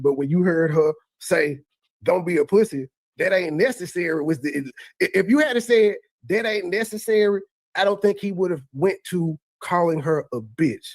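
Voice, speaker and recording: A man's voice: fairly high pitch, dry recording. A man hosting and recapping a heated online panel, arguing point by point with frequent stammers and restarts. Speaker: host recapping a livestream. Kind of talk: casual commentary.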